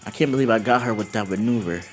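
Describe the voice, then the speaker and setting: A man improvising a casual fan-fiction story in first person, loose and excited, swearing and acting out the dialogue with lots of fillers. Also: fairly low pitch, fast, soft background music.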